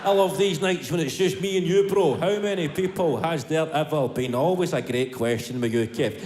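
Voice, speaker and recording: A man doing a shouting, hyped phone buddy. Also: normal speed, lightly acted. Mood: matey. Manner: shouting, high-pitched, excitable. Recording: live comedy hall, crowd laughter.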